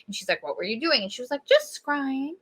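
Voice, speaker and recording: A woman's voice: medium pitch, very animated, rapid-fire, fairly bright tone, breathy edge. A woman co-hosting a podcast, casually retelling a novel's plot and acting out the characters' lines. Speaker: podcast co-host. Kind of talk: casual book review chat.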